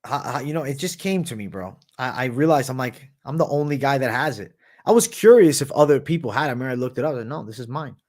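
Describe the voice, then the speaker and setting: A man's voice: medium pitch, animated, fast talker, darkish tone. A man hosting a livestream, chatting casually while answering viewer questions, laid-back and profane. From United States. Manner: laid-back, profane, says "bro" a lot. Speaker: livestream host.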